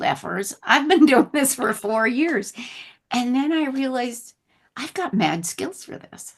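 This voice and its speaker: A woman telling her recovery story in a candid, animated conversational way, laughing often and going soft when moved. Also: fairly high pitch, a little slow, creaky. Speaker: guest sharing recovery story.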